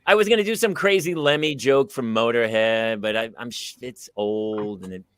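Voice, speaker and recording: A middle-aged man hosting a casual comedic talk show, bantering quickly and joking with his guest over a livestream call. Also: medium pitch, smooth, no echo. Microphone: livestream video call.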